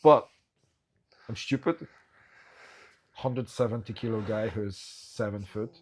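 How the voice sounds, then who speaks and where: A man's voice: on the low side, steady tone, takes it slowly, a little mellow, a little hiss or hum. A man in his thirties from Poland who hosts a podcast, chatting casually in non-native English and telling anecdotes. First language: Polish. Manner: loose non-native phrasing, tells anecdotes with acted quotes. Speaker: podcast host. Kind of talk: casual interview chat.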